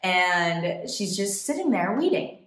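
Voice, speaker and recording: A woman from the United States, a travel vlogger, telling a story to camera in a chatty, animated way. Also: fairly low pitch, slow, roomy sound. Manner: chatty, animated, quotes people in put-on voices.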